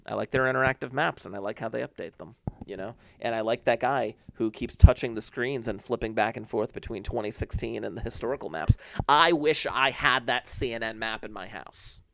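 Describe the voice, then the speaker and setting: A man's voice: on the low side, vocal fry. A man hosting casual live-stream election coverage, talkative and self-mocking, often restarting his sentences as he checks results.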